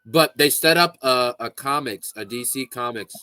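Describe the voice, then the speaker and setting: A man co-hosting a podcast in casual chat, trailing off and halting as he talks. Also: medium pitch, sharp tone, dry recording. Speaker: podcast co-host.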